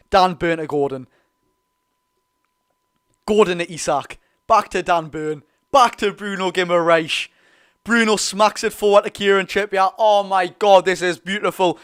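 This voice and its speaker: A young man with a Geordie accent giving excitable, partisan live commentary on a football match for his viewers. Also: sits high, clean tone. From North East England. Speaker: football fan streamer.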